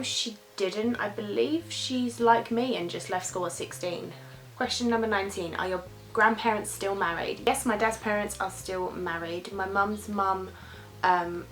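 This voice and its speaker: A young woman with a British accent talks through viewer questions in a relaxed vlog, and her voice sits a little low. She rambles from one aside to the next and now and then loses track of her point. Soft music plays faintly underneath. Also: rough recording. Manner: chatty and rambling, loses her train of thought. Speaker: YouTuber answering viewer questions. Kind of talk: casual question-and-answer vlog.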